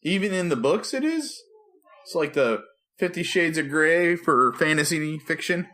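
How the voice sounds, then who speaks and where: A man's voice: on the high side, animated, measured pace, sharp tone. Man, preacher, podcast co-host, casual chat, teasing, dry sarcasm.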